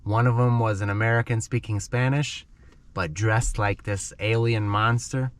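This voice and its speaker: Male English teacher, slightly low voice, dramatic storytelling, keeps asking "okay?" to check understanding. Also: steady tone, moderate pace. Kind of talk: storytelling lesson in simple English.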